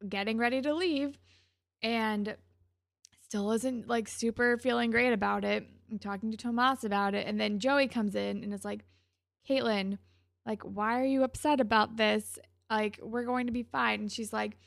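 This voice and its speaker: Chatty young woman with gravelly fry. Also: fairly high pitch, a bit bright, dry recording, clean studio sound. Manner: chatty, sarcastic, acts out characters' lines. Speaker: podcast co-host recapping a TV show. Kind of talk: casual chat, recapping episodes.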